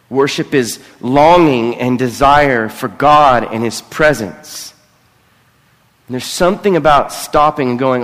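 A middle-aged man delivers a conversational sermon from the front of a church, his voice sitting at an ordinary middle pitch. He is earnest but quick to poke fun at himself, and his words ring out with a long reverb that hangs in the big room. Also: fairly bright tone. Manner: earnest, with self-deprecating asides. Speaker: pastor. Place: church sanctuary. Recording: long reverb of a large hall.

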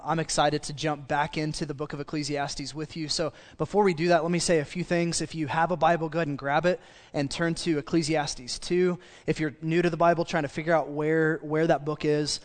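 Conversational preacher man in a reverberant hall. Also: fairly high pitch. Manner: conversational, with spoken restarts and asides. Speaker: pastor. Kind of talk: sermon.

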